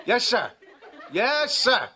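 A man's voice: very high voice, wildly swooping pitch, slow pace, bright, forceful tone, heavily acted. An actor playing a nervous, flustered male employee in a sitcom clip, stammering through his replies. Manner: hesitant, stammering. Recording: TV clip with clicks and background noise.

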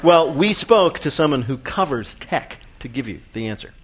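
A man hosting a radio quiz show in an upbeat, brisk, emphatic way. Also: medium pitch, animated, over a noisy crowd, heavy background noise.

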